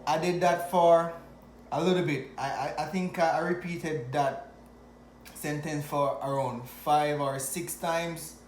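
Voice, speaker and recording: A man from Jamaica with a Jamaican accent, telling a personal story to camera in an animated way, often chuckling. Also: fairly high pitch, a little slow, a little hiss or hum. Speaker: vlogger. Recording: echoey room.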